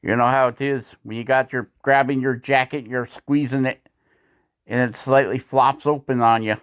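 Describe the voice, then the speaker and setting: A man talks through his carving work in a relaxed, rambling manner and often chuckles as he goes. His voice sits at a mid pitch for a man. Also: normal speed, clean tone, lo-fi sound. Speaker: woodcarving channel host. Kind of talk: voice-over narration of a carving video.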